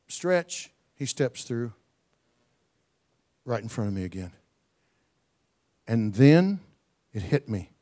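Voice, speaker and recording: A man preaching a sermon, telling a story in a folksy way, stumbling over repeated words and building to loud shouts. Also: medium pitch.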